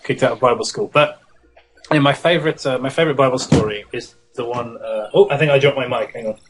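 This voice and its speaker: A man's voice: mid-range voice, fast talker. Irreverent British man chatting. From Britain. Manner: irreverent, rambling storyteller. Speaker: let's play co-host. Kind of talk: casual podcast chat.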